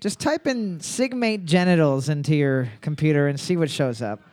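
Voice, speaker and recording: A man with a high voice hosting a casual trivia quiz, heard dry and close. He reads each question twice and swears freely between laughs. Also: animated, normal speed, darkish tone, no echo. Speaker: quiz host.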